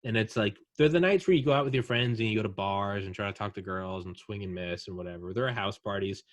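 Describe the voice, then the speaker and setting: A young man talks in a loose, rambling way, full of swearing and silly bits where he plays other people. His voice sits at an ordinary pitch. It is close and dry, with no room sound. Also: quick pace, no room sound. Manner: rambling, profane, acts out drunk aliens in quotes. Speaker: podcast host. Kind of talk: casual chat.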